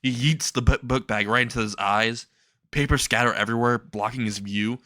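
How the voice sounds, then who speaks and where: A man's voice: medium pitch, fairly even intonation, fairly quick, sharp tone, dry recording, clean studio sound. A young man casually narrating a comedic fan story, rambling and laughing at his own jokes.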